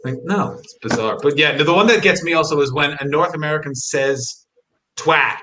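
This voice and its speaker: A man's voice: a little high, a little fast, noisy background. A Canadian man chatting casually as co-host, rambling and correcting himself with wry asides. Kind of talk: casual chat.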